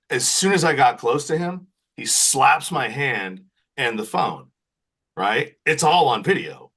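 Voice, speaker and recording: With a breathy edge to his medium-pitched voice, a man unhurriedly recounts a long story as a podcast guest. He stays animated in the casual chat and tags "right?" onto his sentences again and again.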